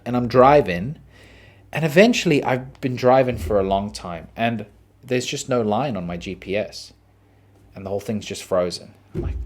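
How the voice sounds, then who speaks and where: A man's voice: medium pitch, lively intonation, moderate pace. A man, hosting a podcast and telling a story casually, acting out his own reactions and quotes. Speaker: podcast host.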